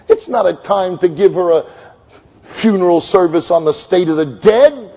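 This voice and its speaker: Man, evangelist preacher, sermon storytelling, husky, dull lo-fi recording. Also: lively intonation. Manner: swings from loud, high exclamations to hushed, slow tones. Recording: long hall reverb, dull lo-fi sound.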